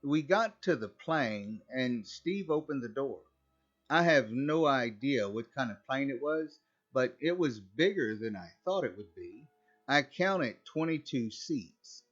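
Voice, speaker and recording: A man's voice: mid-range voice, lively intonation, measured pace. Man narrating a horror story, wry. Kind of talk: first-person horror story reading. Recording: slightly dull recording, faint music.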